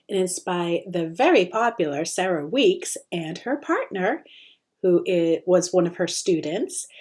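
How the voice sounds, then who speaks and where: Animated, expressive woman reading aloud. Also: fairly low pitch. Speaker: teacher sharing books. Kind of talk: reading a book chapter aloud.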